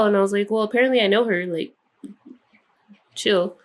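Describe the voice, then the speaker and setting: A young woman co-hosting a podcast, telling a story in a casual, animated way, swearing freely and acting out the quoted voices. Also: mid-range voice, quick pace. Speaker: podcast co-host.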